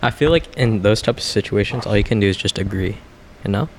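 A man's voice: lowish voice, quick pace, slight background noise. A young man in casual podcast chat, rambling and hesitant with many fillers. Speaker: podcast co-host.

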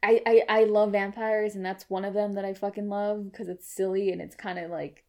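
A woman's voice: medium pitch, level tone, fairly quick, darkish tone. A woman co-hosting a casual movie podcast, gushing about a film with lots of fillers and swearing. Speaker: podcast co-host.

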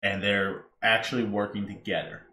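A man co-hosting a podcast who chimes in with questions and lays out his own ideas in a measured way. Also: lowish voice, flat delivery, pushed and bright. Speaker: podcast co-host. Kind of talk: casual chat. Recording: echoey room with faint noise.

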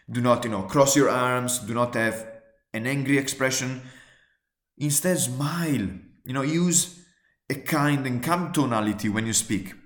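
A man speaking as a walks through advice tips in an earnest, emphatic way. He asks rhetorical questions and repeats his key points. His voice sits at a middle pitch and carries noticeable room echo. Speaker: presenter giving workplace advice. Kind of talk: spoken advice talk, numbered tips.

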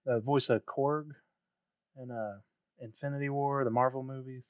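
A man's voice: mid-range voice, steady tone, moderate pace, clear, resonant tone, no echo, phone-quality sound. A man co-hosting a casual podcast chat, jokey and acting out little scenes. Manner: jokey, acts out little bits and voices. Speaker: podcast co-host.

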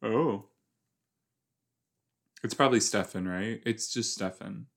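A man's voice: on the low side, takes it slowly, vocal fry, a bit bright. A young man reacting casually to a TV episode as he watches, thinking aloud with lots of fillers and exclamations. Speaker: reaction podcast host.

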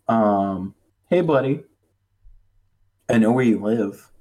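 A man's voice: on the low side, animated, takes it slowly, darkish tone. A man hosting a casual podcast chat, rambling and hesitant with lots of fillers. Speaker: podcast host.

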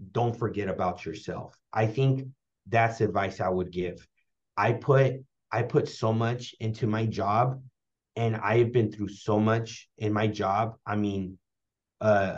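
A man's voice: on the low side, dull audio. A young man answering interview questions, earnest and giving advice, often repeating his phrases. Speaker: interview guest.

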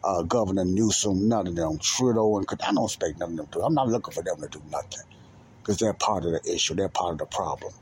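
A man's voice: low-pitched, fast, a little mellow, slight background noise. A man, hosting a solo show and delivering an angry, preachy monologue that repeats its points and rises to emphatic outbursts. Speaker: podcast host.

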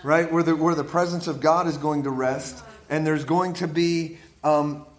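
A man with a Pittsburgh accent preaching to a leadership group, energetic and repetitive, often checking in with his listeners. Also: on the high side, normal speed. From Pittsburgh area, Pennsylvania. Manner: energetic, repeats words, checks in with "right?" and "amen?". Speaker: guest preacher. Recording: echoey room with audience responses. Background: audience responses.

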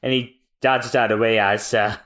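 A woman's voice: a bass voice, steady tone, normal speed, fairly bright tone. A woman co-hosting a podcast, reading a comic aloud with playful, laughing narration. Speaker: podcast co-host.

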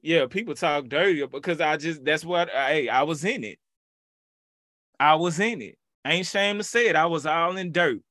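A man in his thirties preaches with a bright, forceful voice pitched a little high. He chants with fervor, then slows into personal reflection. The sound is dry and close. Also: dry recording. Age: 30s. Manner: fervent, chanting call-and-response; reflective and personal, with soft laughs. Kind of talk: devotional preaching.

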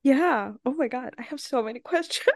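A woman hosting an interview, asking eager, excitable questions. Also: high voice, brisk, no room sound, clean studio sound. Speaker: podcast host. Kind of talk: casual interview.

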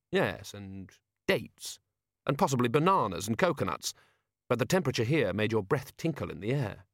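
A man reading a novel aloud in measured, wry scripted narration. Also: on the low side, a bit bright, no echo, clean studio sound. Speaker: audiobook reader.

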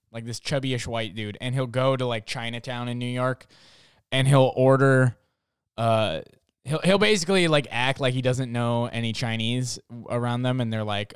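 A man's voice: mid-range voice, clean tone, no echo, clean studio sound. A young man from North Dakota hosting a casual comedic monologue, rambling with lots of "like" fillers and acting out quotes. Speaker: podcast host.

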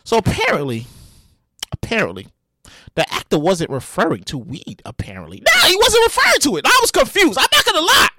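A man hosting his own podcast solo, talking straight to his listeners in a casual, profane style with sudden loud outbursts. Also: very high voice, huge pitch swings, brisk, dry recording. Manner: addresses listeners directly. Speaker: podcast host.

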